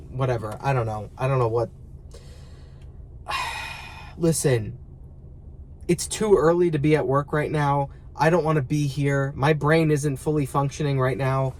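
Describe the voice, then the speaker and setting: A man with a slightly high voice vents in a casual vlog, recorded in a parked car. His manner is dramatic and mock-complaining, with every gripe exaggerated. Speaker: vlogger.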